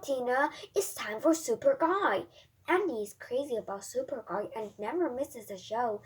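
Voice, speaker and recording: Slow, high-voiced storybook reader woman. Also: slightly rough. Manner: careful reading with small slips. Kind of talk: reading a children's storybook aloud.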